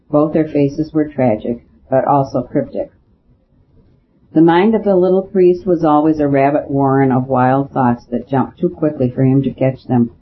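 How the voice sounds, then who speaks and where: Man narrating a storybook, dull recording. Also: on the high side. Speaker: audiobook narrator. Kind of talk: scripted narration. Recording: dull lo-fi with faint hiss.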